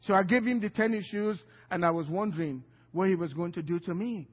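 A man's voice: sits high, a little fast, husky, long reverb tail, highs cut off. A male pastor telling a personal story in a sermon, acting out the dialogue and often repeating his words. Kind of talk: sermon testimony.

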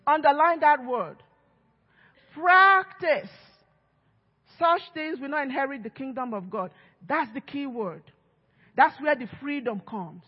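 A woman pastor preaching a sermon, emphatic and acting out quoted voices. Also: high-pitched. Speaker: lead pastor. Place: church sanctuary. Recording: echoey church hall, dull lo-fi sound.

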